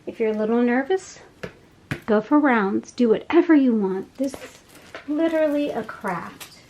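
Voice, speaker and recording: A woman chatting casually as she unboxes craft kits, gushing with soft laughs. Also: on the high side, unhurried, a little hiss or hum, rough recording. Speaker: unboxing vlogger.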